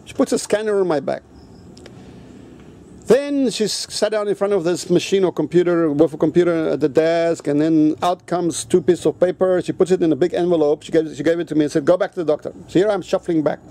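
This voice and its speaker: A man vlogging an angry story in a profane, halting rant. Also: a little high, dark tone, a little hiss or hum. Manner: profane, ranting, halting with restarts; switches into Mandarin.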